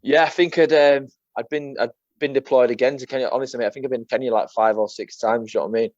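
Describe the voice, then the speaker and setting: Young man, fast rambling talk, swearing, dull lo-fi sound. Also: mid-range voice, fairly even intonation, a little mellow, no room sound. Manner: rambling storyteller, swears, keeps saying mate. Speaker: MMA fighter guest. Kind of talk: casual chat.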